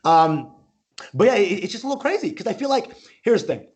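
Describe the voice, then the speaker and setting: A man's voice: sits high, big pitch swings, a little fast. A male comedian doing a stand-up set, rambling, interrupting himself and laughing at his own jokes.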